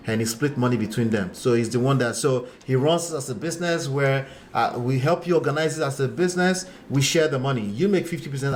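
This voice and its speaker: A man's voice: medium pitch, a little hiss or hum. A man who hosts a relationship-coaching live stream. He talks bluntly and lectures, reading out viewer comments and speaking straight to the men watching.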